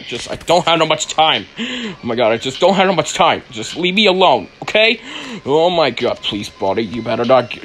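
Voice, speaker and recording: A man's voice: mid-range voice, a bit bright. A young man giving let's play commentary on a horror game, panicky and pleading, repeating phrases over and over. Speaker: gamer playing a horror game.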